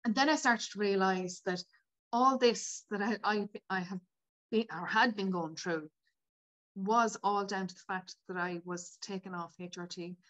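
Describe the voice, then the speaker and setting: Speaking a little slowly in a medium-pitched, slightly bright voice, a woman in her fifties shares her personal story on a podcast. She's candid, sometimes tearful, and says "like" a lot.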